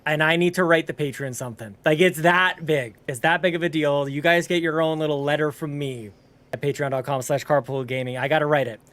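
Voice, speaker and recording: A man's voice: fairly high pitch, steady tone, brisk, a bit bright. A man hosting a gaming podcast, joking around in casual, playful banter with a co-host.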